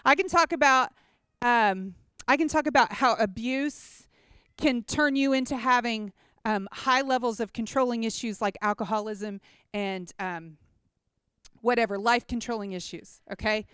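Woman speaker, animated testimony-style teaching with props; high, crisp voice, dry close sound. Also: measured pace, no echo. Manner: chatty, animated storytelling with props; checks in with listeners often. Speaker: speaker at a church gathering.

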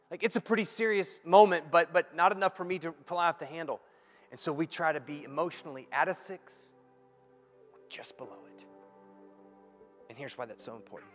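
A fairly high-voiced man preaches in a big hall with a long reverb tail. He acts out quoted exchanges and swings from loud bursts to hushed asides. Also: a little fast, soft background music. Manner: animated, acts out quoted dialogue. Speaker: pastor. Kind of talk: sermon.

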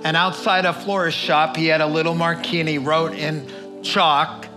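A man's voice: fairly high pitch, measured pace, over music. A male pastor giving a sermon in a conversational, folksy way with many asides. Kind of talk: sermon with personal story.

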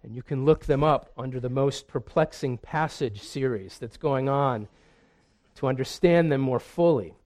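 A man's voice: medium pitch, moderate pace, a little mellow. A man preaching a sermon in an earnest way, often repeating a word as he restarts. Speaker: pastor.

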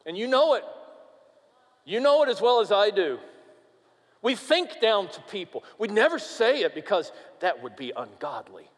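A man preaching a sermon as pastor, emphatic and animated, sometimes dropping to a quiet, earnest tone. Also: high voice, normal speed. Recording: long reverb of a large hall.

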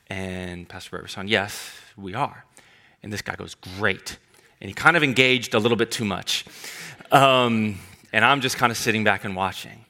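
A man preaching a sermon, telling a humorous personal story with animated delivery. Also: lowish voice, normal speed, gravelly. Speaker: pastor.

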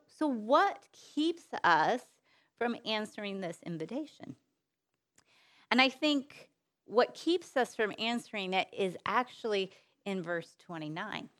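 Slow, earnest woman teaching scripture. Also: mid-range voice. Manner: earnest, repeats phrases for emphasis, asks rhetorical questions; unhurried, with soft trailing phrase endings. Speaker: speaker at a women's Bible teaching session. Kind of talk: sermon-style Bible teaching.

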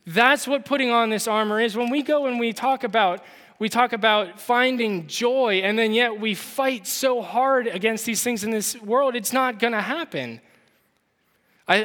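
A man with a high, bright voice preaches in an earnest, conversational way, circling back and checking in with his listeners. His words ring out with a long reverb, as in a church hall. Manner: earnest, conversational, with restarts and rhetorical "right?". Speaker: pastor. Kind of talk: sermon.

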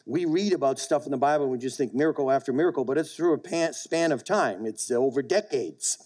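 A male pastor preaching a sermon to a congregation. He swings between raised, emphatic lines and quiet low asides, often calls out to the room for a response, and chuckles between points. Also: quick pace.

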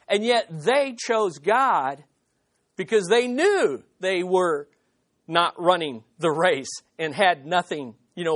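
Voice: medium pitch, fairly bright tone. A pastor preaching an expository sermon, emphatic, with rhetorical questions and short laughs.

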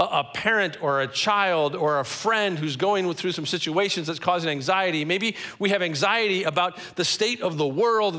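High, bright-voiced pastor preaching. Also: male voice. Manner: earnest, conversational preaching with emphatic slowed phrases. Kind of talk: sermon.

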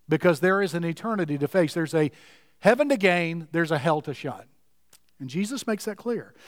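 A man's voice: a little high, expressive, normal speed, no room sound, clean studio sound, long reverb tail. A man preaching a sermon, emphatic and fervent, repeating key words to drive his points home.

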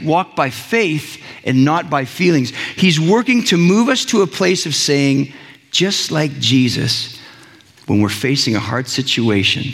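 Man preaching in a reverberant hall. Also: a little high. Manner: earnest, conversational preaching with many restarts. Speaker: pastor. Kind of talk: sermon.

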